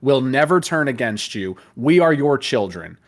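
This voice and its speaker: A man's voice: mid-range voice, very animated, moderate pace. A man voicing a loyal soldier who pleads submissively with his father. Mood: pleading, submissive.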